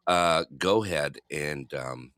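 A man's voice: rumbling low, slow pace, a bit bright, dry recording. A man hosting a live podcast, introducing guests in casual chat and laughing often. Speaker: host.

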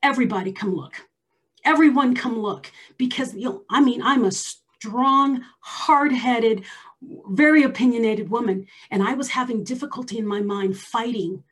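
A woman in her forties telling her own story in an emphatic way, sometimes dropping to a hushed near-whisper for stress. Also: a little high, breathy edge. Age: 40s. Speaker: storyteller sharing a personal health story. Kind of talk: personal storytelling.

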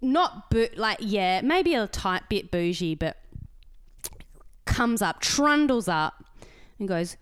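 Animated Australian woman telling a story. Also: mid-range voice, takes it slowly, clean tone, dry recording, clean studio sound. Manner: animated storytelling, acts out quoted voices. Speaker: podcast co-host. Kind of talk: casual chat.

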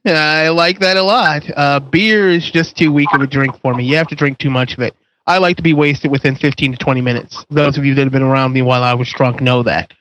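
A man's voice: fairly high pitch, steady tone, brisk, a bit bright, a little hiss or hum, poor audio. A man hosting a casual podcast panel, joking as he announces the votes. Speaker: host.

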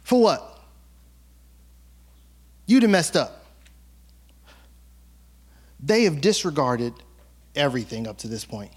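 A man's voice: a little high, slow pace, pauses often. A male pastor preaching a sermon, reading scripture aloud and breaking into humorous, colloquial asides that act out the people in the story. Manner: animated, acts out characters in colloquial asides; reads scripture aloud then comments with humor.

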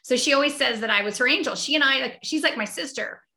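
A woman with a bright, fairly high voice speaks heartfelt and reflective, often stopping and restarting her sentences. She is a podcast guest in a conversational interview. The recording has a noticeably echoey room sound. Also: quick pace.

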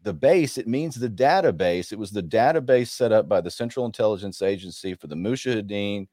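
Man in his 40s, fill-in host, lowish voice, dry close sound, halting and restarting, conversational. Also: lively intonation, dark tone, no room sound. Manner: halting, with frequent restarts and stumbles. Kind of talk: conversational panel discussion.

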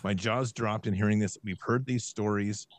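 A man's voice: lowish voice, steady tone, moderate pace, dry recording. A man hosting a podcast, talking in an impassioned, emphatic rant and reading scripture aloud. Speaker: host.

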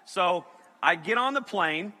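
Animated high-voiced preacher in a hall. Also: male voice, measured pace. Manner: animated, keeps checking in with "okay?". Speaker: pastor. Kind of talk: comedic sermon storytelling.

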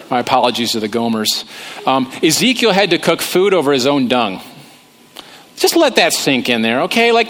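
Man, slightly high-pitched, casual, preaching, joking. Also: fairly bright tone, slight background noise. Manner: joking, conversational, self-deprecating. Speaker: pastor. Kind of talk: humorous sermon.

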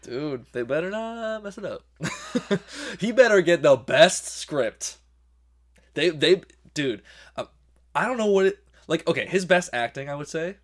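An excitable young man co-hosting a casual podcast, his voice rising and falling with lively pitch. He chats loosely, full of fillers and quick reactions. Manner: excitable, says "dude" and "like" a lot. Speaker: podcast co-host. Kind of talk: casual chat.

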